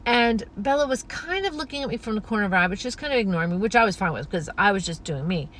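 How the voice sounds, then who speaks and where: A woman hosting a spiritual podcast, talking in a gentle, flowing, earnest way with many soft asides. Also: mid-range voice, expressive, rapid-fire, a little hiss or hum. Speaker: podcast host.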